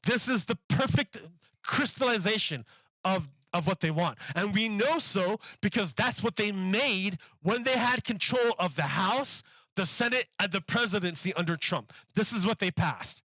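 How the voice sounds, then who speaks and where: High bright-voiced man ranting on stream. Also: expressive, normal speed, dry recording, lo-fi sound. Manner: emphatic, repeats himself, mocking. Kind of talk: live-stream political rant.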